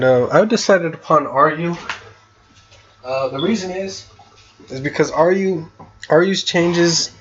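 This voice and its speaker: A man chatting casually on his gaming channel in a laid-back way, filling his talk with little laughs and pauses while he has the hiccups. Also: on the high side, dull audio. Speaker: gaming YouTuber. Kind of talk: casual commentary on competitive play.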